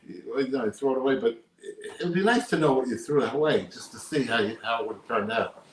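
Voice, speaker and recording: Older man, emphatic, repetitive, mid-pitched, roomy echo. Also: fairly quick. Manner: emphatic, repeats his points. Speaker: guest, poker player. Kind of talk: casual interview chat.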